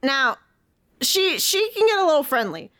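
A woman's voice: sits high, very animated, normal speed, a bit bright. A woman playing an eccentric, rambling sheep farmer in a put-on pirate-like English accent, improvising a comedy sketch. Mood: folksy. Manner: rambling, folksy, trailing off mid-sentence.

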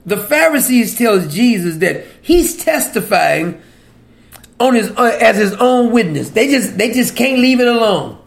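A man giving an informal Bible teaching, animated and folksy, laughing often between verses. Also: extremely high pitch, a little slow, gravelly.

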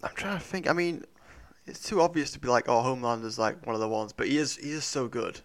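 Gravelly, laid-back man. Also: mid-range voice, fast. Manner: laid-back, hesitant, swears casually. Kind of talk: casual chat.

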